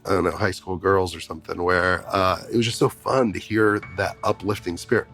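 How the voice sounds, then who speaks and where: A man talking as a podcast guest, an animated storyteller who laughs often. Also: deep voice, fairly quick, faint music behind. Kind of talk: casual conversation.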